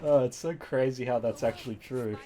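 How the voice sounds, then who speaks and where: A man's voice: medium pitch, brisk, dark tone. A man making mock-earnest wisecracks in game voice chat. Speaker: gamer in voice chat.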